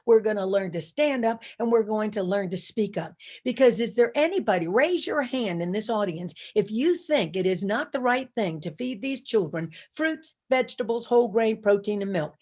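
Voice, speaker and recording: A woman's voice: on the high side, darkish tone. Emphatic woman giving a keynote. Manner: emphatic, repeats key phrases, leads audience chants. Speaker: motivational speaker. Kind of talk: keynote speech to a live audience.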